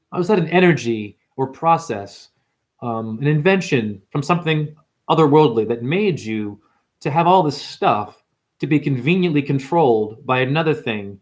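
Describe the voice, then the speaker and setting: Preaching without a script, a spiritual teacher faces the camera and unleashes an intense, profane sermon packed with rhetorical questions for the viewer. He has a fairly high, expressive voice and keeps a moderate pace.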